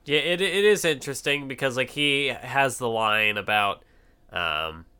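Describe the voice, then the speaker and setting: Bright, smooth-voiced man, halting. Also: mid-range voice, lively intonation. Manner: halting, thoughtful, many restarts. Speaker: podcast co-host. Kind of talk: casual manga discussion.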